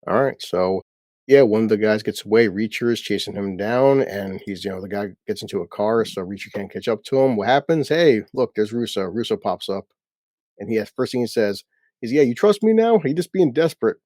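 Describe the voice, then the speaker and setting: Low, mellow-voiced man in casual chat. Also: a little fast, dry recording. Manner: rambling and profane, retells scenes with quotes. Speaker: podcast host recapping a TV episode.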